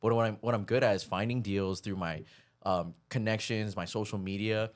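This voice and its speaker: Brief: a laid-back, slangy host from Hawaii, a man with a lowish voice. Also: fairly even intonation, normal speed. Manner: laid-back, slangy, calls people dude. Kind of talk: casual interview chat.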